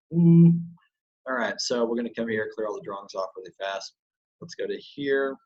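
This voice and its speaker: A man giving a chatty, loose screen-share software tutorial as an online business coach, with lots of fillers and restarts. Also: medium pitch, animated, moderate pace, lo-fi sound.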